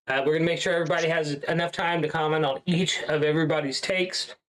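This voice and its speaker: A man's voice: on the high side, steady tone, fast, fairly bright tone, low-quality recording. A man hosting a casual podcast stream, introducing his co-hosts with upbeat announcer-style flair and frequent laughs. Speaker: host and captain of a podcast. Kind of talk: casual chat.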